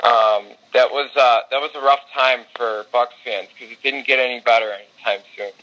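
Bright-voiced man talking sports. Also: mid-range voice, moderate pace, lo-fi sound. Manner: storytelling, swearing, excitable when reliving games. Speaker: podcast co-host. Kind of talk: casual sports chat.

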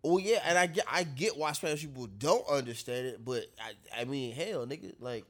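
A man's voice: mid-range voice, normal speed. A man co-hosting a casual chat, blunt and opinionated, with plenty of swearing.

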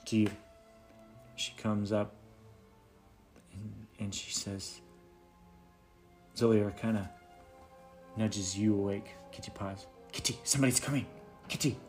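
A man running a tabletop game as game master, narrating in a relaxed, halting way with many fillers and restarts. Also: lowish voice, soft background music.

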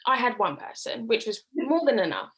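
A woman's voice: a little high, big pitch swings, normal speed, a bit bright, slightly rough, low-quality recording. A young woman, a recent graduate, earnestly giving advice in casual chat. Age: young adult. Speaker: podcast guest.

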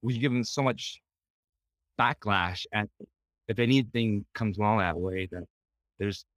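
A man who is a podcast guest, speaking sincerely and haltingly in casual conversation, with many restarts and fillers. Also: lowish voice, a bit bright, no room sound. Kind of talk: conversational interview.

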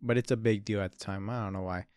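A man's voice: on the low side, steady tone, fast talker, darkish tone, clear, resonant tone, dry recording. A man in his early twenties telling a long story in rambling casual talk, swearing a lot and calling the listener bro and dude. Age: 20s. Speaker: podcast host.

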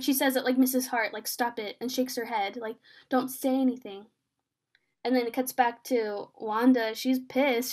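A young woman in a casual chat, eagerly retelling a TV episode, speaking in many fillers and acting out the characters' lines. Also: sits high. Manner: excited, filler-heavy retelling, acts out the scenes in quoted voices. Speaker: podcast co-host recapping a TV episode.

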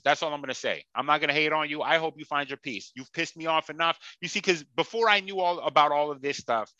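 A man's voice: on the high side, pushed and bright, no room sound, dull audio. A man hosting a casual sports podcast, talking bluntly and heatedly with plenty of swearing. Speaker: podcast host.

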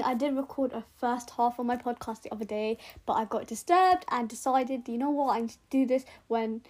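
A young woman hosting her own podcast, talking earnestly in a rambling way with restarts and repeated words, recorded with rough sound at home. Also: sits high. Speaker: podcast host. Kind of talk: casual solo podcast monologue.

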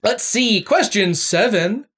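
A woman's voice: slow pace, breathy edge. A woman hosting a casual podcast, quizzing her guests with lots of fillers. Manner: quizzing guests, frequent fillers, lively pitch. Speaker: podcast host running a quiz.

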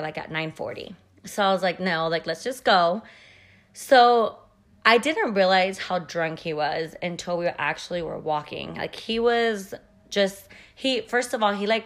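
A woman in her thirties hosts a casual podcast from home, talking in a fairly low voice. She tells her story bluntly, swearing freely and scattering "like" through every sentence. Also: fairly bright tone. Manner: blunt, profane and chatty, with frequent "like" fillers. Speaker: podcast host.

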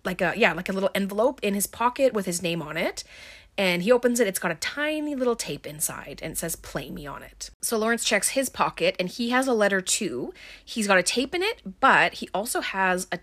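A woman's voice: medium pitch, expressive, normal speed, a bit bright. A woman casually recapping a movie plot, chatty and filled with ums and likes, with wry offhand asides. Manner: chatty, heavy on filler words.

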